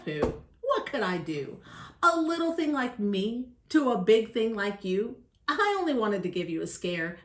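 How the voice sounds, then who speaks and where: An older woman voicing a cheeky little male mouse in a storybook, teasing in rhyme. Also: fairly high pitch. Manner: teasing, sing-song. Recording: roomy echo.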